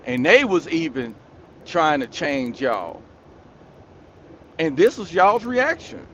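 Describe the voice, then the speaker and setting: Scolding, slow-talking high-voiced man. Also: a bit bright, highs cut off, a little hiss or hum. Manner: preachy, scolding, repetitive, addresses the audience directly. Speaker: commentary channel host. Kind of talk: ranting monologue commentary.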